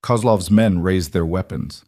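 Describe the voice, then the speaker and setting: Low, dry male story narrator. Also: a little slow, no echo. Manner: steady, grave storytelling. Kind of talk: scripted dramatic narration.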